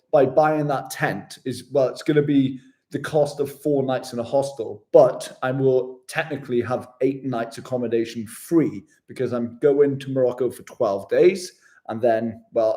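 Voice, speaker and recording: A man's voice: mid-range voice, mellow. Chummy man on a live stream. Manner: upbeat and chummy, calls viewers mate and legend. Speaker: travel vlogger. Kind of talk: casual livestream chat with viewers.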